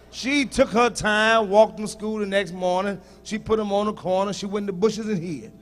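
High-voiced profane stand-up comic. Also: male voice, normal speed. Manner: profane, bluntly teases and shouts at the audience. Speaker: stand-up comedian. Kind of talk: stand-up comedy.

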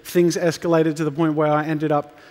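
A man's voice: on the high side, little pitch movement, a little fast, darkish tone. Chatty, joking man on a panel. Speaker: artist, panel guest. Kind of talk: casual stage chat. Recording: reverberant conference hall.

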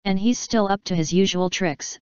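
A woman voicing a teasing, steady young man with an easygoing, reassuring way of talking. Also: medium pitch, normal speed, clear, resonant tone, dry recording, lightly acted. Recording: dull dry audiobook recording.

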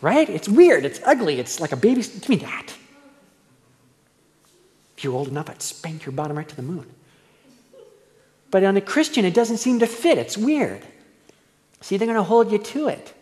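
Animated male pastor in a reverberant church. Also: high voice, a little fast. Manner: conversational storytelling, acts out quoted voices. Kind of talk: verse-by-verse sermon. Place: church hall.

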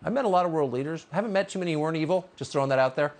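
A man's voice: fairly high pitch, racing, darkish tone. A man hosting a cable news interview, talking in a sardonic, incredulous way with mocking asides. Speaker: TV news host.

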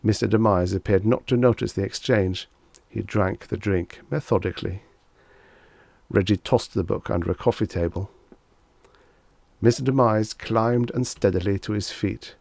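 A man with a low voice reads an old short story aloud in an even, measured way. The recording is dry and close, with no room sound. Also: gravelly, no room sound. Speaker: audiobook narrator. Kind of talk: scripted audiobook narration.

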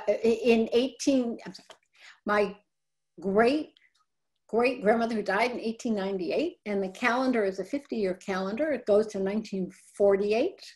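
A middle-aged woman presenting a webinar talk, speaking conversationally and often correcting herself. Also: on the high side. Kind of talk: webinar talk on family papers.

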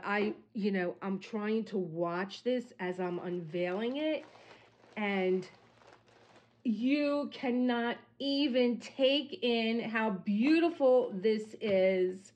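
A woman hosting a casual unboxing vlog at home, gushing and softly exclaiming as she talks into a phone on a tripod. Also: fairly high pitch, expressive, takes it slowly. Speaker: crafting channel host.

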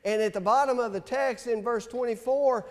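A male pastor preaching a sermon in a church, slow and emphatic, reading scripture aloud. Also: very high-pitched, long reverb tail. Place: church sanctuary.

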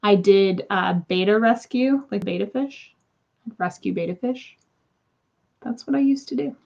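A woman's voice: mid-range voice, a little slow, vocal fry, a little mellow, lo-fi sound. A woman in her thirties chatting casually to viewers while unboxing crystals, exasperated and talkative. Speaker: crystal seller.

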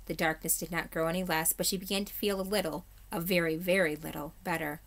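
A woman teacher reads a chapter book aloud in an expressive storytelling voice, fairly low for a woman. Now and then she trips over a word and corrects herself. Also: fast talker. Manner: expressive storytelling, occasional slips. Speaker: third grade teacher.

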